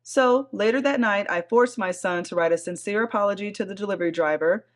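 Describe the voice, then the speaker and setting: A woman's voice: mid-range voice, fairly quick. A woman co-hosting a podcast, chatting casually with frequent laughter and blunt, salty remarks, and reading forum posts aloud. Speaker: podcast co-host.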